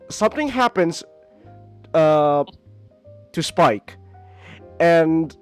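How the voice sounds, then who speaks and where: A podcast host in casual, rambling comic-review chat, animated and swearing freely, leaning on filler words. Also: mid-range voice.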